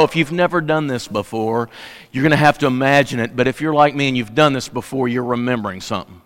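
A male pastor preaching a sermon in a church, swinging between loud emphatic peaks and hushed, quiet lows. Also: fast talker. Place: church sanctuary. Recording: long hall reverb.

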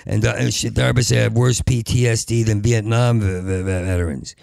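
A man hosting a podcast in a rambling monologue, with a heavy stutter that repeats syllables, and at times rising to a loud urgent plea. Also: lowish voice, steady tone, brisk, creaky, no room sound, clean studio sound. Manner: rises to loud urgent pleading. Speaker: podcast host.

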